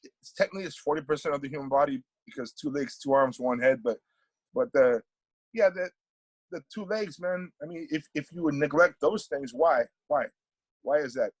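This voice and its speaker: A man's voice: on the high side, normal speed, husky, dry recording, poor audio. A middle-aged man from Panama, a guest in a casual podcast interview, talking animatedly and often repeating words as he thinks.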